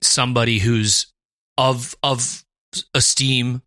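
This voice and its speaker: A man co-hosting a podcast in casual chat, animated and quoting lines in put-on voices. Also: medium pitch, slow, dry recording. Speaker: podcast co-host.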